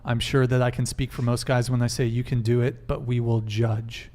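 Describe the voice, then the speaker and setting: Man, podcast host, brisk, reads chat messages aloud, casual. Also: medium pitch, flat delivery, a little mellow. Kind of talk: live-stream dating panel, reading super chats aloud.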